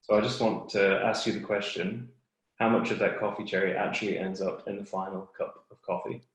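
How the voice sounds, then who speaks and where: A man explaining clearly and patiently as a guest expert on a webinar. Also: lowish voice, little pitch movement, fairly quick, very echoey, poor audio.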